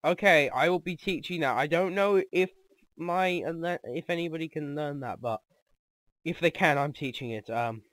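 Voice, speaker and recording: A man hosting a let's play, commenting excitedly on the game, joking and laughing easily. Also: on the high side, moderate pace, no room sound.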